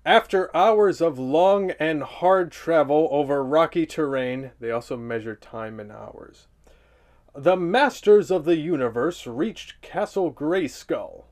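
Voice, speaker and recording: A man's voice: fairly high pitch, slow pace, a little mellow. A man reading a children's storybook aloud for comedy, with sarcastic, playful asides.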